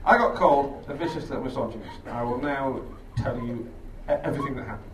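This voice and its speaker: A man doing a rambling, sweary, self-mocking stand-up set on a theatre stage, with bursts of shrill shouted impressions. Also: quick pace, a crowd in the background. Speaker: stand-up comedian. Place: theatre stage with a laughing audience. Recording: echoey live room, distant, audience noise.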